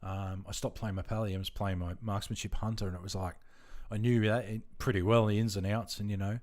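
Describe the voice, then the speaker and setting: A man's voice: on the low side, little pitch movement, fast, darkish tone. A laid-back Australian man chatting casually with viewers during a game stream, rambling and friendly with lots of fillers. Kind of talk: casual live-stream chat.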